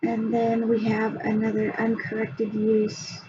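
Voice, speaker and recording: A woman presenting a reading assessment, talking slowly with many pauses and ums. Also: on the high side, completely flat delivery, over music. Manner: slow, hesitant, many ums. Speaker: student presenter. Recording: dull lo-fi sound, faint background hum.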